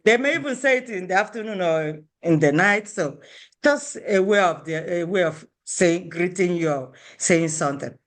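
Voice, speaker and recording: A woman's voice: lowish voice, lively intonation, moderate pace. Woman teaching on a video call. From Owerri, Nigeria. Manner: explains patiently, repeating Igbo words and mixing them into English. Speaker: Igbo language teacher. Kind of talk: online language class.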